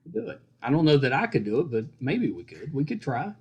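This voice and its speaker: Brief: male podcast host, mid-pitched, jokey and rambling, self-deprecating. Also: very animated, quick pace, gravelly, darkish tone, muffled recording. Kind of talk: casual interview chat.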